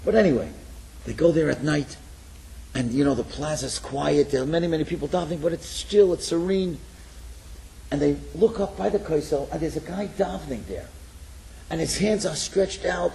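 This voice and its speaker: Male preacher, slightly high voice, animated storytelling sermon with acted dialogue. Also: normal speed, creaky, a little hiss or hum, poor audio. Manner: animated storyteller, acts out dialogue, drops to a hush.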